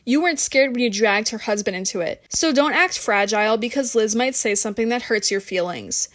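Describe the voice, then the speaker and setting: Woman reading as a mad woman telling someone off, sharp and biting, kinda loud. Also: a little high, a little fast, natural voice. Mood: scornful. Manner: sharp, cutting, scornful. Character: sharp, furious young woman, scolding a friend.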